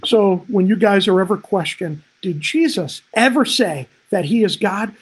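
Husky preacher on a livestream, gets loud and fired up, keeps saying "man". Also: medium pitch, lively intonation, unhurried. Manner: impassioned, swelling to emphatic peaks; frequent "man" interjections, direct address. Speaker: pastor. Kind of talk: livestreamed sermon.

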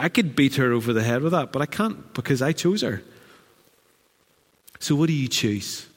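A man preaching a sermon as pastor, animated and acting out the voices he quotes. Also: mid-range voice, moderate pace, pauses often. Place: church hall. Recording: church hall with long reverb.

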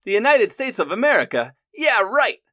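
A man's voice: high voice, big pitch swings, normal speed, bright, forceful tone, dry recording, studio quality, voice pushed up, exaggerated voice. A man voicing a mocking, incredulous male Prussian gate guard in an odd put-on accent. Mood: scoffing.

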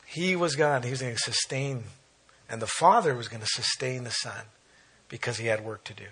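A man preaching a sermon, reading scripture aloud and breaking off into animated exclaims. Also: mid-range voice, moderate pace, slightly rough.

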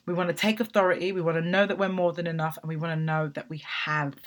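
A woman's voice: lowish voice, flat delivery, fast, hardly any pauses. A woman in her thirties giving an emphatic motivational talk, asking rhetorical questions and checking in with "right?". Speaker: motivational podcast host.

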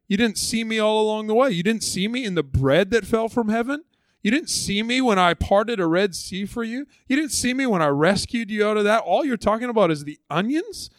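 A man voicing God, gently reproachful. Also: sits high, lively intonation, fairly quick, dry recording, voice pushed up. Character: patient reproachful divine father speaking.

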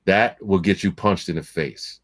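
A man's voice: low-pitched, measured pace, fairly bright tone. Blunt, impassioned man telling a story. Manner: retells conversations by acting out both sides. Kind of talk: casual chat, storytelling.

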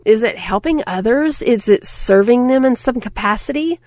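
A middle-aged woman giving a motivational talk, telling stories in an animated way, acting out quotes and laughing often. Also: a little high, moderate pace, dry recording, studio quality. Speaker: speaker.

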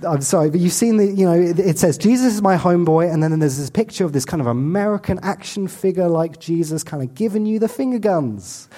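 A male pastor delivers a sermon in church, earnest and direct, breaking into playful asides. His voice sits a little high for a man yet sounds mellow and warm. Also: husky.

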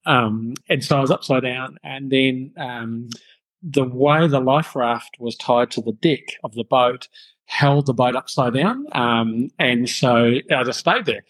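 A man's voice: mid-range voice, a little slow, low-quality recording. New man, 30s, easygoing podcast guest, salty storyteller. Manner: laughs often, swears casually, relaxed storyteller. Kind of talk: casual storytelling interview.

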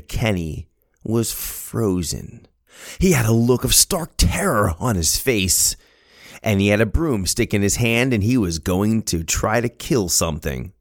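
A middle-aged man hosting a podcast, telling a story in a casual, animated, self-amused way. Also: on the low side, moderate pace, dry recording, studio quality. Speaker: podcast host.

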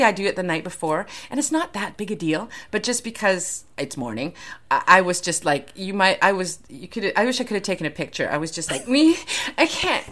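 A woman's voice: fairly low pitch, fairly bright tone. A woman co-hosting a podcast in casual chat, rambling, giggly and self-deprecating. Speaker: podcast co-host.

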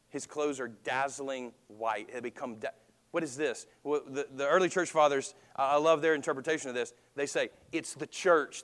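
A man's voice: mid-range voice, big-room sound. A man preaching a sermon as pastor, talking conversationally and asking the congregation questions.

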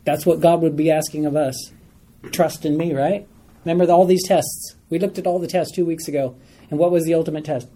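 Guy leading a bible study, kinda high voice but mellow, keeps repeating himself and asking the class stuff. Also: brisk. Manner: animated, repeats phrases, asks the class questions.

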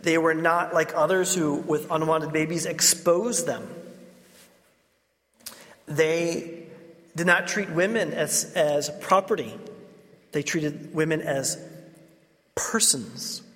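A man's voice: on the high side, slow pace, pauses often, a bit bright. A man, a Catholic priest, preaching a sermon and telling stories with laughing asides. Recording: reverberant hall.

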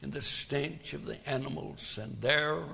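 A man's voice: a little high, measured pace, gravelly, pushed and bright, breathy edge, long reverb tail. A man preaching a sermon as pastor, folksy, full of rhetorical questions, swelling and dropping for drama.

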